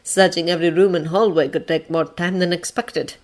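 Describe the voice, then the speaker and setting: A woman doing a low, calm male hero. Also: fairly quick, lightly acted.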